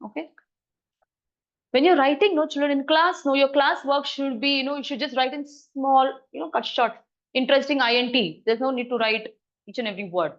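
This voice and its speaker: A woman teaching a grammar lesson in a classroom, brisk and coaxing as she quizzes students. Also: high-pitched, lo-fi sound.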